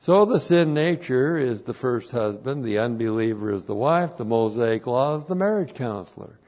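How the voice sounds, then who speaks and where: A male pastor teaching a passage word by word, spelling out Greek terms and bursting into loud emphatic phrases. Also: medium pitch, expressive, moderate pace, lo-fi sound. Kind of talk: expository Bible teaching.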